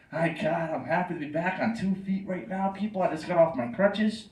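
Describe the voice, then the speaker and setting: A stand-up comic, his voice sitting a little high for a man. He rambles and mocks himself with quick asides to the crowd. The sound is roomy and distant, taken from a camera out in the club. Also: big pitch swings, a little hiss or hum. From New York. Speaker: stand-up comedian. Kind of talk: stand-up comedy set. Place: comedy club stage. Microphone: handheld stage mic heard from the room camera. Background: audience laughter.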